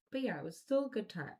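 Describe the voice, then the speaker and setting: A woman's voice: mid-range voice, a little mellow. A woman hosting a podcast, telling stories in a casual, rambling way full of swearing and fillers. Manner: rambling, profane, filler-heavy. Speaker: podcast host. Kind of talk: casual storytelling chat.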